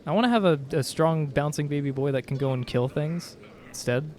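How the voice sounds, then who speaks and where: During a casual gameplay stream, a man keeps up jokey chatter with viewers and reads game dialogue out loud. His voice is fairly high and a little mellow, and he talks briskly. Game music plays faintly in the background.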